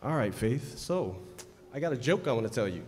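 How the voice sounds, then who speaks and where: A man's voice: medium pitch, sing-song, fairly quick, a little hiss or hum. A man emceeing a live pageant, making announcements and telling a long joke to the audience over a microphone. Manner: chatty, storytelling, loud announcements. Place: large indoor event hall. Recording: long reverb in a large hall.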